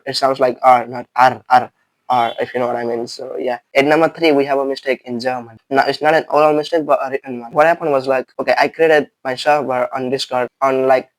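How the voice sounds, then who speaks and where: A man's voice: mid-range voice, dry recording, low-quality recording. A man who is not a native English speaker, chatting casually to camera as a language-learning vlogger and rambling with many fillers.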